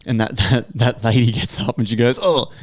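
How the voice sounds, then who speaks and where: A man co-hosting a podcast, chatting casually and retelling stories in a sweary, animated way. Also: medium pitch, brisk. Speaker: podcast co-host.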